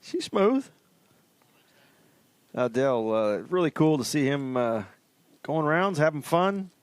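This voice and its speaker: A man's voice: a little high, smooth, no echo. Dry-voiced male race commentator. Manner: relaxed, chatty, halting. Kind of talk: broadcast commentary.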